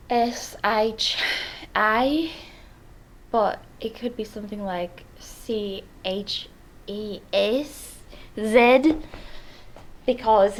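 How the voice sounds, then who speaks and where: A young woman playing a chatty young secret-agent vlogger in an Australian accent, in an in-character role-play vlog, rambling and dropping into hushed whispers. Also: medium pitch, a little hiss or hum, low-quality recording. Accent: Australian, put on.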